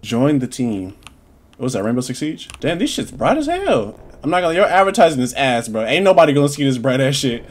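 A man's voice: on the high side, sing-song, quick pace. A man doing profane, jokey let's-play commentary on a horror game, jumping into sudden screams. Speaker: gaming YouTuber.

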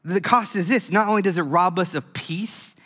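A man preaching a youth sermon, telling a story in an animated, emphatic way. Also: sits high, normal speed, husky. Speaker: youth pastor. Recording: echoey hall.

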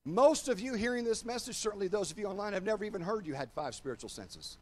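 Older male pastor, high-pitched, emphatic sermon delivery that drops low and slow for key points. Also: expressive. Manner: emphatic preaching, swinging from loud declarations to low, slow confiding; addresses congregation and online viewers directly.

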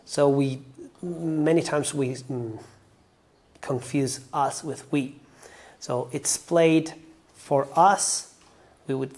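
A man's voice: medium pitch, steady tone, slow, pauses often, a little mellow. A man with an Italian accent, a native Italian speaker, explaining song lyrics to learners carefully and step by step. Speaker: language teacher.

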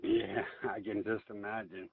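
A man's voice: fairly low pitch, level tone, a little slow, husky, no echo. Man, podcast host, brief agreeing replies, dry phone-like sound. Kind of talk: casual interview chat. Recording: dry phone-like call audio.

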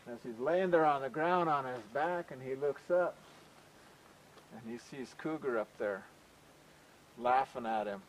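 A man telling a traditional folk tale aloud in a relaxed, conversational way, often saying "you know". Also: medium pitch, normal speed, low-quality recording. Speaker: storyteller. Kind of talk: oral folk storytelling.

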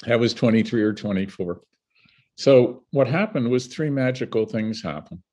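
Husky older Canadian man telling stories. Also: medium pitch. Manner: animated storyteller who acts out the people he quotes. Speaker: guest filmmaker. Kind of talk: storytelling in a conversational interview.

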